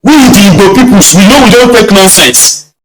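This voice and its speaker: A brash young hothead, voice pushed up high and loud, as a commentator puts him on. He barrels ahead with reckless threats, all bluster. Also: animated, moderate pace, reverberant, far from the mic, rough recording. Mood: boastful. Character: hot-headed young male agitator, loud and reckless.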